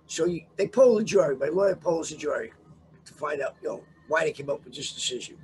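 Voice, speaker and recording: A man's voice: on the high side, expressive, a little fast, darkish tone, a little hiss or hum. An older man telling a long story with swearing and lots of animation, as a guest in a casual interview.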